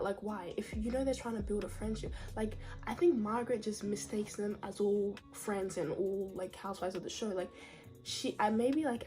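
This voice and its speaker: A woman's voice: medium pitch, warm tone. Chatty opinionated woman with music behind. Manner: chatty, opinionated, says "like, girl" often. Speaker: reality TV commentator. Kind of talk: casual vlog commentary.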